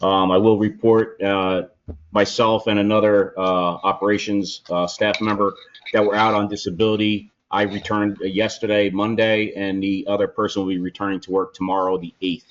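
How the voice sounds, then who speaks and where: Low flat-voiced man at a meeting. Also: normal speed. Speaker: operations staff. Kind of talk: meeting report. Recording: dull lo-fi meeting audio.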